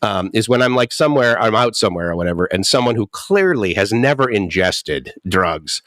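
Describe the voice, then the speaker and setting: A man's voice: fairly low pitch, expressive, brisk, a bit bright, no echo, studio quality. A man in his fifties in recovery, telling his story candidly and animatedly, often chuckling and acting out quotes. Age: 50s. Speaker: guest speaker in recovery. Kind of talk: candid personal talk.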